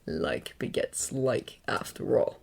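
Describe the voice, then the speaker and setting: A woman voicing a sinister adult male killer who speaks in a slow, oily drawl. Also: a bass voice, very animated, vocal fry, a little mellow, slightly rough, pitched below the performer's own voice, heavily acted. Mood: menacing.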